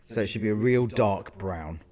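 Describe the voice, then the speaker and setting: Matter-of-fact man, low voice. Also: moderate pace, crowd noise. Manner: matter-of-fact, explains in detail with asides and self-corrections. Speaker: caterer and podcast co-host. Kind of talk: casual chat.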